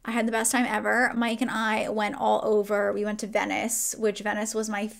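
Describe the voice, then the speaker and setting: A woman's voice: medium pitch, monotone, moderate pace, gravelly. A woman in her twenties chatting casually while doing her makeup at home, rambling and filling her talk with "like". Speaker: beauty vlogger. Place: home, getting ready.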